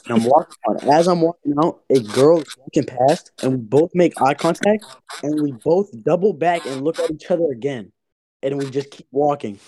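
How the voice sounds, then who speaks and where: A young man telling a story in casual podcast chat, animated and crude. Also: a little high, normal speed, a little hiss or hum.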